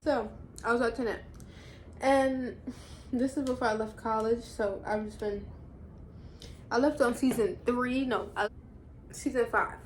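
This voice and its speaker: A young woman vlogger talks straight to her audience in a loose, rambling way, jumping into side comments as she recaps. Her voice sits a little high, with a faint hiss of noise behind it. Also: steady tone. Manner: chatty, rambling recap with quick asides. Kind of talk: casual chat.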